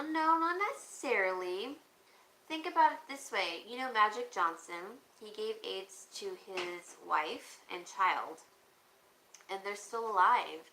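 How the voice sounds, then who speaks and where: A woman's voice: mid-range voice, bright, forceful tone. A woman hosting a livestream auction, chatting casually and rambling while she answers viewer comments. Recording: echoey room with faint background noise.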